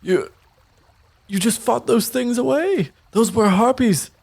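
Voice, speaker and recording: A man's voice: very high voice, slow, creaky, darkish tone, slightly rough, voice pushed up, heavily acted. A man voicing a rattled, astonished father who is proud of his grown children. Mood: amazed. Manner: gushing and stammering.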